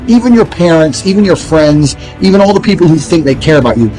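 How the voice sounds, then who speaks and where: A man's voice: a little high, animated, quick pace, few pauses, dark tone, poor audio. A man from England, delivering a blunt, profane motivational rant that lectures listeners and mocks the way other people talk. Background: faint background music.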